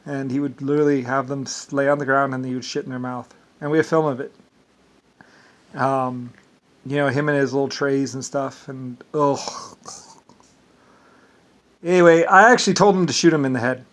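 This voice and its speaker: A man's voice: mid-range voice, steady tone, fairly quick. A man telling a long rambling story, blunt and crude, often repeating words and restarting. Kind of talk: rambling monologue.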